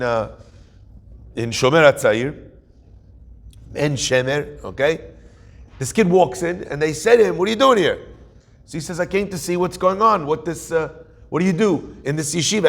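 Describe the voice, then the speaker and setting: A man's voice: on the high side, gravelly. A man, a rabbi, telling a story in a Torah class, acting out the dialogue of each character.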